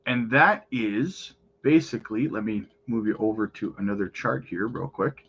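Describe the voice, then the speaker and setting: A man's voice: fairly low pitch, moderate pace, fairly bright tone, dull audio, slight background noise. A man hosting a crypto channel, chatting casually over market charts and often calling out to his viewers.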